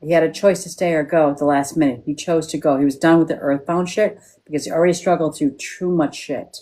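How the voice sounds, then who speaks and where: Low-voiced woman medium giving readings. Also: fairly even intonation, brisk, dark tone. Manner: frank, repeats questions for yes or no. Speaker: psychic medium. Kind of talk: live-stream reading.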